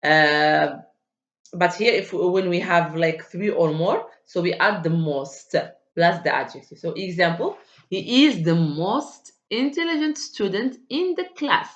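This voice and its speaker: A woman's voice: lowish voice, animated, measured pace. A woman teaching an English grammar lesson, speaking with many hesitations and fillers and drilling word forms aloud. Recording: dull, echoey room.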